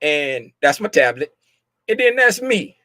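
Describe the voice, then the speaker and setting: A man hosting a casual livestream about market futures, talking loudly and playfully, joking with viewers and slipping into sing-song bits, with a desk mic about a foot away. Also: fairly high pitch, big pitch swings, a little slow, dry recording, studio quality. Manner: playful, chatty, jokes with viewers. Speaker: host reviewing market futures.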